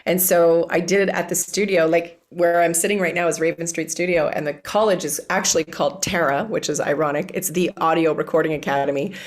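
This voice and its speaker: A woman's voice: lowish voice, fairly even intonation, fairly quick, hardly any pauses. A middle-aged woman guest on a podcast interview, talking in a bubbly, enthusiastic way from a recording studio. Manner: bubbly, enthusiastic, laughs often. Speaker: guest, author and music coach.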